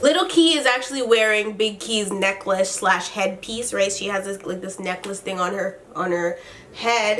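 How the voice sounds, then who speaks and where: A woman's voice: on the high side, a little hiss or hum. Exasperated woman ranting in a recap vlog. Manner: blunt and exasperated, swears freely; animated retelling with quoted dialogue. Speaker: reality TV recap vlogger. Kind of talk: casual commentary recap.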